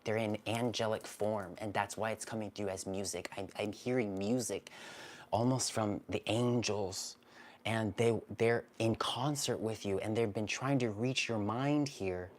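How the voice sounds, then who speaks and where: Low, gentle male reader for a live stream, soothing, with a faint hiss behind him. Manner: gentle, soothing, repeats himself. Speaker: spiritual card reader, live stream host. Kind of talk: live-streamed intuitive reading.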